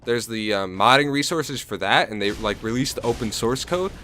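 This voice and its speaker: A man's voice: mid-range voice, animated, normal speed, bright, forceful tone, slight background noise. A young American man chatting loosely over gameplay, rambling with lots of fillers and restarts. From United States. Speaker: gaming YouTuber. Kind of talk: casual gameplay commentary.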